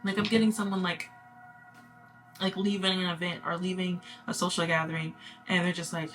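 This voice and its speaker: A woman's voice: on the low side, little pitch movement, normal speed, a bit bright, faint music behind. Chatty woman doing a casual card reading. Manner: chatty and reassuring, many fillers and laughs. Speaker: tarot reader.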